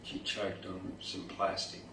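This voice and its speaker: A grieving young sea turtle pleads with the humans, slow and sorrowful , as a man reads it out at a poetry night. The voice sits low and drags along, caught by a mic set well back in an echoey room with a faint hiss. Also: steady tone, lightly acted. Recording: roomy distant mic, faint noise.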